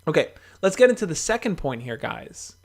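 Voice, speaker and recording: A man's voice: fairly high pitch, sing-song, fairly quick, creaky. A young man hosting a livestream, giving casual, encouraging advice straight to his viewers, with fillers and restarts.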